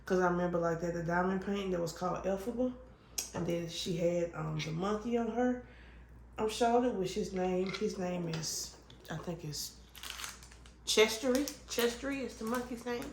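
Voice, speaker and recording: A fairly low-voiced woman chats casually and rambles, full of ums and restarts, with an occasional cough. She sounds echoey, as if in a bare room. Faint noise sits behind her. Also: normal speed, gravelly, darkish tone. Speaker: vlogger. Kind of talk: casual chat while crafting.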